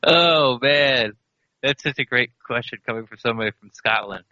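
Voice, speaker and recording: A man co-hosting a sports podcast, rambling and animated, laughing as he talks. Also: mid-range voice, moderate pace, no echo. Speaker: podcast co-host. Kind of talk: casual sports chat. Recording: dry, slightly dull podcast audio.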